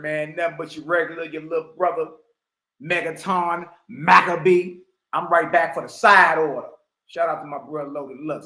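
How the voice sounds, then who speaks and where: A man hosting a livestream, giving animated, mocking commentary full of slang and laughter. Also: fairly high pitch, roomy sound. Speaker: livestream host.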